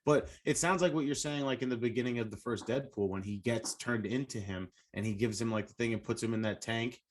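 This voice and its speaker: A man's voice: medium pitch, fairly quick. A man in his thirties co-hosting a podcast, chatting easily with lots of "like" fillers. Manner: easygoing, filler-heavy with frequent "like". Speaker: podcast co-host. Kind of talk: casual chat.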